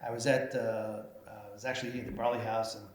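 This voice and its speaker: A man's voice: fairly low pitch, level tone, fast. A middle-aged man giving a humorous speech, telling self-deprecating stories full of fillers and acted-out voices. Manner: self-deprecating, acts out voices in his anecdotes, many fillers. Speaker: mayor giving an award speech. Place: banquet hall at a chamber of commerce meeting. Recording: roomy hall with faint noise.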